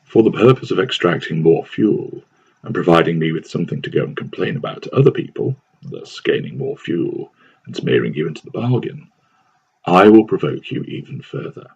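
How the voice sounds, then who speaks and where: A man reads a scripted advice text in a slow, deliberate manner. His voice is very low and gravelly, with a husky edge. The recording sounds dull and lo-fi. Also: animated, darkish tone.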